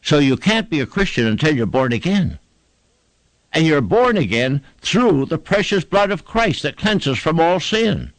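A male preacher delivering a sermon, his pitch rising and falling widely as he drives each point home. He leans on rhythmic repetition in an old-fashioned preaching cadence. The recording is dry and close, with no room sound. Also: sing-song, moderate pace, no room sound.

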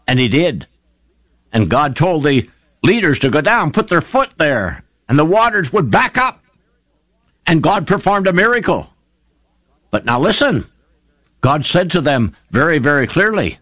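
A man's voice: a little high, sing-song, unhurried, fairly bright tone, dry recording. A man preaching a sermon, retelling scripture stories with fervent, emphatic delivery. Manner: fervent, emphatic storytelling with rising exclamations.

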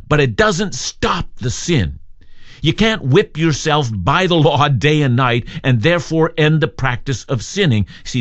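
A man's voice: fairly high pitch, no room sound, muffled recording. A man preaching a radio sermon, earnest and emphatic, reading scripture and posing rhetorical questions. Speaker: radio Bible teacher.

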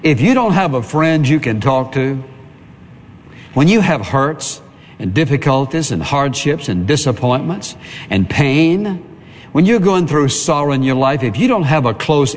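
A pastor giving an earnest sermon to a congregation and calling for amens. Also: male voice, on the high side, expressive, unhurried. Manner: earnest preaching with call for amen. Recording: reverberant hall.

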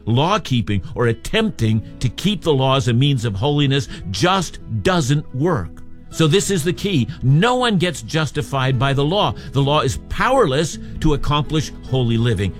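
A man's voice: mid-range voice, big pitch swings, a little slow, soft background music. A man preaching an expository sermon, emphatic and earnest as he explains a scripture passage. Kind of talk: sermon on a radio Bible program.

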